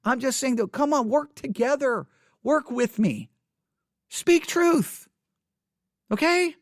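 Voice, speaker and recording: A man's voice: extremely high pitch, lively intonation, slow, dry recording, clean studio sound. Earnest man pleading. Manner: earnest and pleading, with emphatic repeated phrases. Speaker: podcast host. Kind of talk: impassioned commentary. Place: home studio in Texas.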